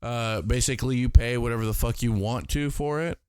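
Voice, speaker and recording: Laid-back, cussing podcast co-host. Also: male voice, mid-range voice, fairly quick, darkish tone, clean tone, dry recording, clean studio sound. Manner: laid-back, profane, frequent "right" agreement. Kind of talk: casual chat.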